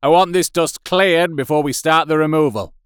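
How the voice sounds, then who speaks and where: A man's voice: a little high, normal speed, clear, resonant tone, no echo, studio quality, pitched above the performer's own voice, lightly acted. A man reading a story who voices a curt, greedy lord giving orders. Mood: commanding. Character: cold, commanding male lord, greedy.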